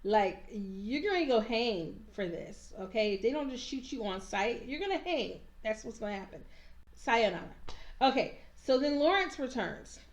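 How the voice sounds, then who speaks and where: A woman recapping a TV episode in casual chat, animated and sassy, acting out the characters as she goes. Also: a little high, moderate pace. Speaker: TV recap reviewer. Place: at home, handheld camera.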